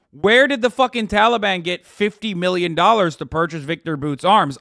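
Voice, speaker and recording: A man's voice: high voice, animated, moderate pace, hardly any pauses, a bit bright, no echo, studio quality. Sarcastic, profane man ranting. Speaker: political livestream host. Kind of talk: live-stream news reaction.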